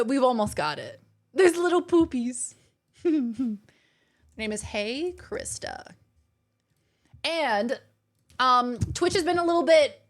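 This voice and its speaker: A woman streamer chatting casually on a live stream, thanking her viewers over and over, with lots of fillers and repeats. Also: fairly high pitch.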